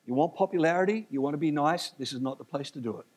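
A man preaching a sermon, animated and emphatic, with jokes and asides. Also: on the high side, fast talker, husky.

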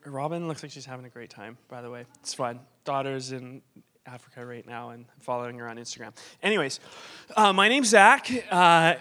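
A man's voice: on the high side, bright, forceful tone. A man in his thirties, a visiting missionary, telling joking, self-deprecating stories to a church, speaking at a stage mic in the sanctuary. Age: 30s. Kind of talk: church talk with humorous stories. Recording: long hall reverb.

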